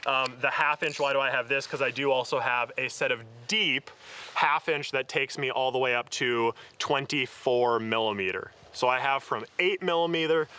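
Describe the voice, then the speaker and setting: A man with a bright, forward voice hosts an off-road show. He chats through his gear in a loose, upbeat way, laughing often and filling gaps with "um" and "like". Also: mid-range voice, moderate pace, smooth. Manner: chatty and upbeat, laughs often, lots of fillers. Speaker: host of an off-road vehicle show. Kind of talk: casual tool kit walkthrough.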